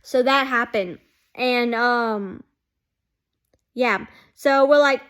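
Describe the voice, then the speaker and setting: Woman, casual fan vlog, rambling, lots of "like", slightly high pitch. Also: drawn-out words, pauses often, a bit bright, clear, resonant tone. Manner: rambling, heavy use of "like", chatty. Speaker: fan vlogger. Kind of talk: casual chat.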